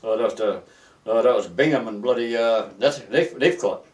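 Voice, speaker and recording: A retired Australian seaman, now older, recounts stories for an oral history interview in a mid-range, slightly mellow voice picked up by a distant mic. He rambles and halts, restarting often.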